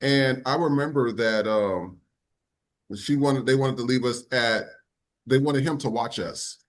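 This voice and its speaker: A man's voice: medium pitch, measured pace. A man hosting a podcast, telling a personal story in a casual way and repeating words for emphasis. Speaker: podcast host.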